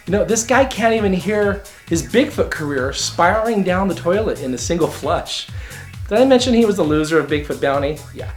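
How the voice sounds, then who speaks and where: A man's voice: high-pitched, very animated, moderate pace, faint music behind. A man hosting a comedic video commentary show, talking in a sassy, catty, campy way. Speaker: show host.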